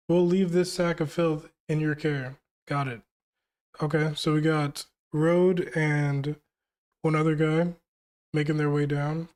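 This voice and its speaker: A man's voice: a little high, darkish tone. A young man hosting a live manga reaction, reading lines aloud and reacting in hyped, slangy bursts. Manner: hyped, slangy, reads quotes then reacts.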